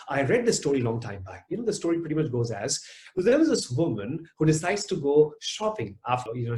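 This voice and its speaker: A man's voice: medium pitch, darkish tone. A man giving a motivational talk, emphatic and repeating key phrases for effect. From India. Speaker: motivational speaker.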